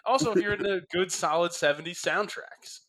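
A man hosting a loose sports talk show, his voice sitting a little high for a man. He laughs a lot and breaks in with quick asides while he chats with his co-hosts. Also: sharp tone. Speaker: host. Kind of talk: casual sports chat.

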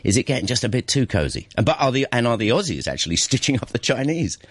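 A man's voice: mid-range voice, sing-song, slightly rough, no echo. A man hosting a radio show, chatting casually with a guest and laughing easily. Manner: chatty, quick to joke and laugh. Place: radio studio.

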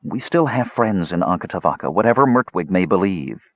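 A man voicing a matronly female dwarf who speaks softly and reservedly, as in an audiobook. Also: deep voice, expressive, fairly quick, no echo, muffled recording. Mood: quiet, sad. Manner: soft, reserved. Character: matronly female dwarf, loyal, sad and soft-spoken. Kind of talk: audiobook narration.

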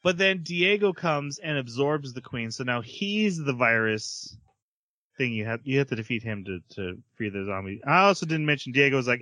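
A man hosting a podcast, chatting casually as he recaps an anime episode, laughing often and quickly acting out the characters' lines. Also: medium pitch, lively intonation, sharp tone, no room sound. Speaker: podcast host.

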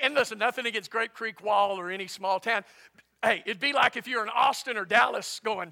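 A man preaching a sermon as pastor, animated, swinging between loud and soft. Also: high voice, brisk, vocal fry.

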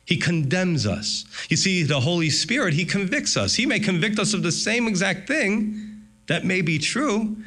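A man preaching a sermon as pastor, animated, briefly acting out the voices of others in his story. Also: on the high side. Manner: animated, acts out voices of God and Satan.

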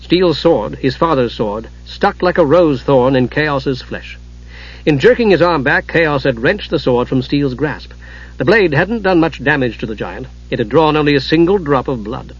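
A man narrates a fantasy novel in a steady, dramatic reading. His voice is husky and a little high. The audiobook recording sounds dull and lo-fi. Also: normal speed.

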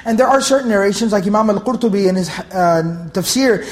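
Male teacher with a high voice, patient and repetitive, recorded in an echoey hall. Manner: explains slowly, repeats key words for emphasis. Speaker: Quran teacher. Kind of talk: Quran commentary lesson. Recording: echoey room.

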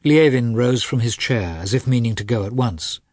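A man narrating an audiobook with a steady, expressive reading. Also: mid-range voice, moderate pace, dry recording, studio quality.

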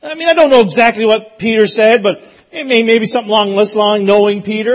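A man preaching a sermon as pastor, emphatic and repetitive, rising to loud peaks. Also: sits high, quick pace, dull audio. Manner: emphatic, repeats phrases, rises to loud peaks.

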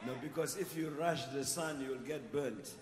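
A man's voice: medium pitch, normal speed, background noise. A man talking to a festival crowd from the stage between songs, telling a story with chuckles and coaching the audience. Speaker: performing musician. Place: concert stage at an outdoor festival. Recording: live concert in a reverberant venue. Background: band and music playing.

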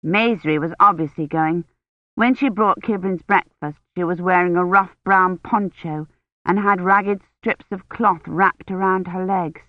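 Woman reading an audiobook, steady, sounds like over a phone, dead dry. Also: on the low side, measured pace, no echo, lo-fi sound. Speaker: audiobook narrator. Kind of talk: scripted narration.

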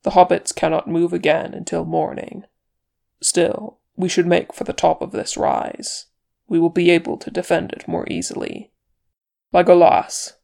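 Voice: medium pitch, level tone, measured pace, vocal fry, darkish tone. A reader doing Gandalf, a stern old wizard. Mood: commanding. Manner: curt and commanding. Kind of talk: audiobook character reading.

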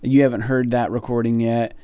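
A man's voice: mid-range voice, fairly quick, clear, resonant tone, no room sound. A man co-hosting a casual podcast, talking loosely with lots of fillers about his band. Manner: relaxed, rambling with many fillers. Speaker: podcast co-host and musician.

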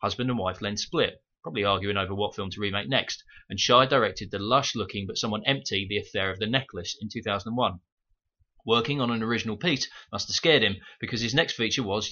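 On a muffled home microphone, a man from the United Kingdom with a fairly low, sharp-toned voice hosts a film podcast. He works through scripted review notes, dropping in dry, sarcastic asides.

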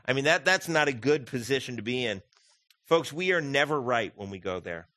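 A man's voice: medium pitch, animated, brisk, bright, forceful tone, no echo. A man preaching a conversational sermon as pastor, often asking his listeners direct questions. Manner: conversational, asks the congregation questions.

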